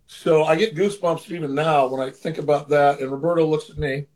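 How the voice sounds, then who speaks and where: A man's voice: on the high side, fairly even intonation, fairly quick, a little mellow. A man as an interview guest, earnestly telling a personal story in casual conversation, sometimes acting out the voices of the people in it. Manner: earnest, acts out quoted voices. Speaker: interview guest, former baseball manager.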